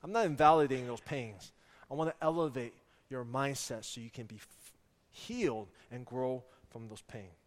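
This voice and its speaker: A man in his thirties preaching a sermon, telling humorous stories about his family in an animated way, recorded in an echoey church hall. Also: medium pitch, moderate pace. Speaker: pastor.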